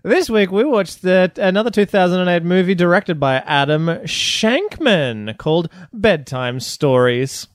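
A man hosting a casual podcast among friends, jokey and deadpan. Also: high voice, unhurried, hardly any pauses, no echo, clean studio sound. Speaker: podcast host.

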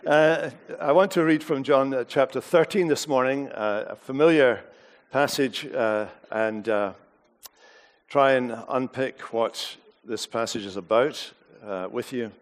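A man's voice: mid-range voice, unhurried. A man with a Scottish accent giving a sermon, joking drily and then reading scripture aloud. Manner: joking, dry humor before reading. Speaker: preacher. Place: university hall.

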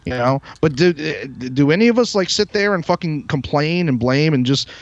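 A podcast host, a man with a somewhat high-pitched voice, rants heatedly and swears constantly. His delivery is emphatic and combative. The recording sounds muffled and lo-fi, with a dry, close sound and no room echo. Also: expressive, normal speed. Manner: heated, profane, emphatic ranting. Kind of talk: ranting podcast monologue.

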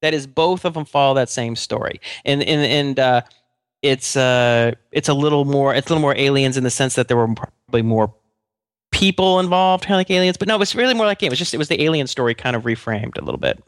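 Halting man with a dry voice. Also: medium pitch, animated, smooth, no echo. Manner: halting, stammering restarts. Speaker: podcast co-host. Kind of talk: casual chat.

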